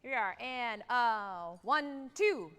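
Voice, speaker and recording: A woman's voice: fairly high pitch, lively intonation, slow, loud music behind the voice. A woman conductor coaching a wind band in rehearsal, upbeat and direct, counting off and singing out how notes should sound, recorded on a theatre stage. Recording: long theatre hall reverb from a livestream.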